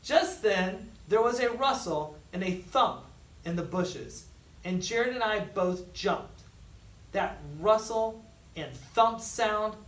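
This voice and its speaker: Expressive storybook reader, unhurried. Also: medium pitch. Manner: expressive, with dramatic pauses and loud surges. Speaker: school staff reading to students. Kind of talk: storybook read-aloud. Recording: echoey room, distant mic, faint noise.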